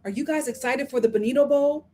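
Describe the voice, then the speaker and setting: Chatty high-voiced woman streamer. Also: quick pace. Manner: animated and chatty, with playful exaggeration. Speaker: live-stream host reading viewer comments. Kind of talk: casual live-stream chat.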